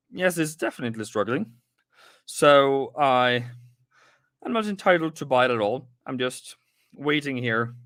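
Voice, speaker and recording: A man's voice: mid-range voice, a bit bright, no room sound, studio quality. A man hosting a live trading stream, rambling casually through the markets with restarts and asides to his viewers, a little out of breath. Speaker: trading livestream host.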